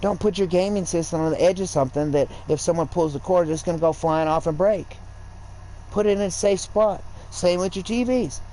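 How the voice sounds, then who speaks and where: A man's voice: high voice, a little fast, dark tone, a little hiss or hum, rough recording. A man streaming a game and talking casually, in a profane, rambling, lecturing way. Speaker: gaming streamer. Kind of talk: casual livestream rant.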